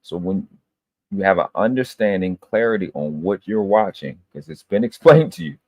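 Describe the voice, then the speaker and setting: A man's voice: fairly low pitch, animated, normal speed, creaky, dry recording, lo-fi sound. A man hosting a live stream, holding forth in an emphatic, lecturing way with plenty of swearing. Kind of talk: casual profane monologue.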